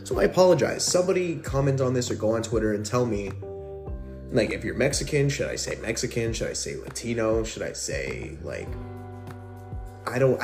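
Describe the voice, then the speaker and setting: A man telling a personal story in a casual, rambling, profane way, as podcast host. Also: on the low side.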